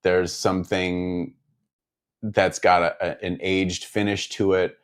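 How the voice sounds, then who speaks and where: A man's voice: low voice, level tone, takes it slowly, smooth. A man building guitars, chatting casually and rambling while he works in his workshop, with lots of fillers and self-deprecating asides. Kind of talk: casual chat while working.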